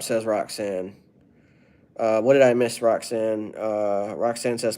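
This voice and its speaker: A male comedian chatting casually with viewers on a live stream, playful and riffing in quick rhymes. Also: lowish voice, steady tone, a little mellow, clean tone.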